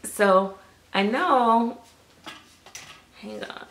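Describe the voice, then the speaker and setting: A woman chatting casually to camera about her reborn dolls, rambling and soft-spoken. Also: medium pitch, extremely slow, a little hiss or hum. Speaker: reborn doll collector. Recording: echoey room.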